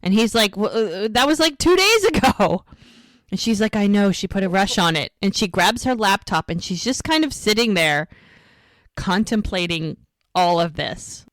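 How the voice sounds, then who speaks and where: A woman's voice: mid-range voice, moderate pace, dry recording. A woman co-hosting a podcast, casually recapping a TV episode and acting out the characters' lines. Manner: animated retelling, acts out dialogue.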